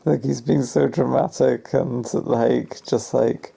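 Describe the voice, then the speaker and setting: A man's voice: mid-range voice, steady tone, slow, gravelly, mellow, slightly rough, faint music behind. A man giving casual, playful commentary on a TV episode, spinning fan theories and acting out characters' lines.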